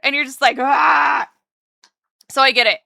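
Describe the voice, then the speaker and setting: A bubbly woman streamer greets her chat over and over and rambles happily, full of fillers. Her voice is bright and a little high. It sounds dry and close, from a desk mic at home. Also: racing, no room sound. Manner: bubbly, excitable, greets chat with repeated hellos; chatty and rambling, lots of "like" and "um". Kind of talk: casual live-stream chat.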